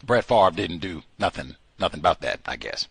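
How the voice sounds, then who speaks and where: Lively bright-voiced male host. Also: sits low, moderate pace, vocal fry, slightly rough, no room sound. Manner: animated and mocking, slipping into put-on voices. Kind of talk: commentary monologue.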